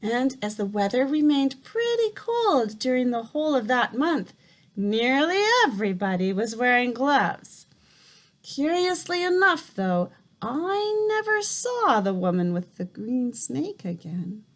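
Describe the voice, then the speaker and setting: A woman reading a children's book aloud, steady and calm. Her voice sits slightly high. She takes her time over every sentence. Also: unhurried. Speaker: reader. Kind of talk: storybook read-aloud.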